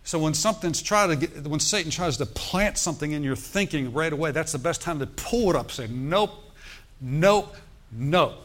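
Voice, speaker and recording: Man preaching a lively sermon. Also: fairly high pitch, brisk, few pauses. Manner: animated, calls for amens, quotes scripture.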